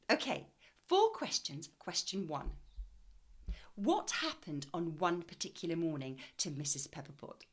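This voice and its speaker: A woman reading tutor with a low, husky voice that swings up and down as she reads. She leads an expressive reading lesson, asking questions in a teacherly way. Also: measured pace.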